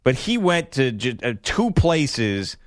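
A man's voice: medium pitch, very animated, slow pace, no echo. Radio sports guy cracking wry jokes, dead dry studio mic. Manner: wry, joking, laughs often. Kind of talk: casual sports talk.

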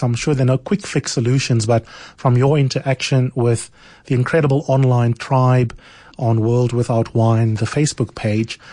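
A man hosting a radio interview, asking measured, probing questions. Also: medium pitch, darkish tone, no echo. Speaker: radio host.

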